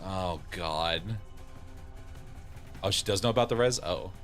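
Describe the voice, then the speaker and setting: A man's voice: lowish voice, very fast, faint music behind. A man streaming a game in casual let's-play commentary, joking, laughing often and reading game lines aloud.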